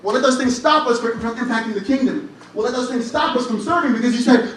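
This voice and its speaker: A young man preaching a lively sermon, telling stories with humor and rising to shouts at times. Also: extremely high pitch, quick pace, hardly any pauses. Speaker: church speaker. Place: large church hall. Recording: echoey hall, from far off, faint noise.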